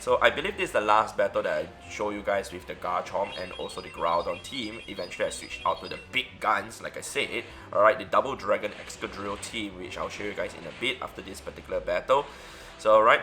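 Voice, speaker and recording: Man calmly talking through a game. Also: fairly low pitch. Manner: relaxed, thinking aloud with fillers. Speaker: gaming YouTuber. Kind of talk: casual gameplay commentary.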